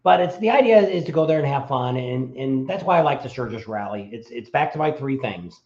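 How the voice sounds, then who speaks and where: A man's voice: medium pitch, lively intonation, a little fast, a little mellow. A middle-aged man co-hosting a live-stream chat, talking casually and rambling with frequent restarts. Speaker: co-host of a motorcycle travel channel. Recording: roomy, dull lo-fi sound.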